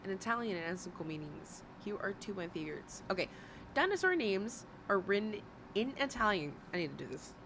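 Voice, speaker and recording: A woman's voice: mid-range voice, very animated, fairly quick, noisy background. A woman streamer in casual commentary, worn out from hours of talking, rambling and breaking off with giggles. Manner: rambling, self-interrupting, giggly. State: tired from long talking.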